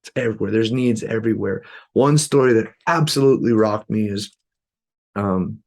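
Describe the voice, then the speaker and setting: A man's voice: on the low side, moderate pace, darkish tone. A man who is a podcast guest and musician, telling earnest stories in loose conversation, filled with "you know". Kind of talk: conversational storytelling.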